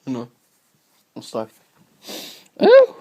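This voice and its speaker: A man with a cough rambles through a video blog, slipping into whispers and losing his thread. His voice is gravelly and husky, and he speaks slowly. The sound is dry and close. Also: medium pitch, a little mellow, no room sound. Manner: rambling, easily distracted, drifts into whispers. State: sick with a cough. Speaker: video blogger. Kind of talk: rambling casual monologue. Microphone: phone camera.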